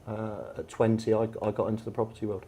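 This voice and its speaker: Telling football anecdotes at a quick pace, this English football manager chats on stage as a guest speaker in a bar event room with an audience, dropping in plenty of fillers. His voice is fairly low, warm and level, with a little hiss or hum in the background.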